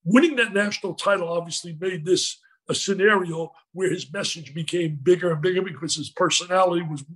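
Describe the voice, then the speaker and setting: Man, husky, high voice, animated emotional storytelling, interview guest. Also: brisk, low-quality recording.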